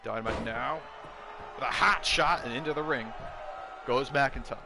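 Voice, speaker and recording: Brief: male play-by-play caller for a wrestling video game, mid pitch, gets loud and excited, clear background noise. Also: moderate pace. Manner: excitable, bursts into shouts at big moves.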